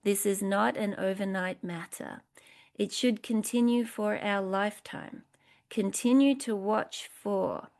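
A woman leading a recovery program step study, reading passages aloud and explaining them point by point in a deliberate, instructive way. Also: medium pitch, steady tone, a little mellow. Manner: slow, deliberate, instructive, lists points one by one.

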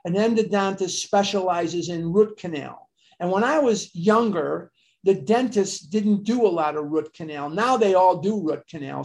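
A man's voice: high voice, a little mellow. Older man telling an earnest confessional story. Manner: earnest, confessional, with emphatic bursts. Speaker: speaker sharing at a recovery meeting. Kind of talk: personal storytelling share.

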